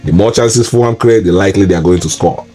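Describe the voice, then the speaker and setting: With a deep, dark voice and a fast pace, a man hosts a solo football preview as pundit, ranting repetitively and sounding exasperated. Soft music plays behind him.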